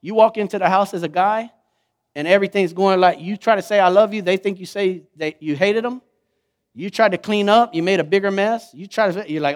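A man preaching a sermon in an animated way, acting out the voices he quotes. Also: sits high, brisk. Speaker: pastor.

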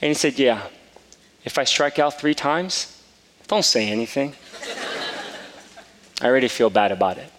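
A middle-aged man preaching a sermon, telling a personal story in a casual, animated way with many fillers. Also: mid-range voice, moderate pace, long pauses, a little hiss or hum. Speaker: pastor. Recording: long hall reverb.

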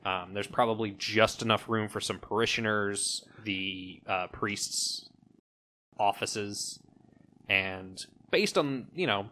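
A man narrating as game master of a tabletop role-playing game, relaxed and halting, with fillers and restarts. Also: on the low side, slight background noise.

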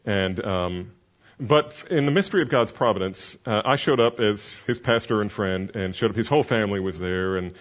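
A man's voice: on the low side, moderate pace, muffled recording. A man who is a pastor and counseling mentor, teaching a class in an earnest, conversational way with many fillers.

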